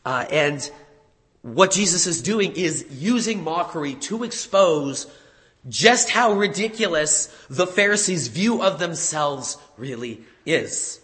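A man preaching a sermon in a conversational way, correcting himself at times and stressing words with animated emphasis. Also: fairly high pitch, slow pace.

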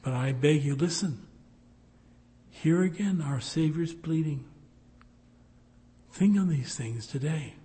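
Slow pleading male preacher in a hall. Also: on the high side. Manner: pleading, rising to loud appeals. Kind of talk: sermon. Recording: long hall reverb.

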